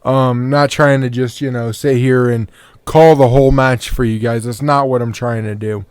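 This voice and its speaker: A man's voice: medium pitch, steady tone, moderate pace, a little mellow, clear, resonant tone, no echo. A sleepy man hosting a podcast, giving casual, rambling commentary on a match and swearing now and then. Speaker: podcast host.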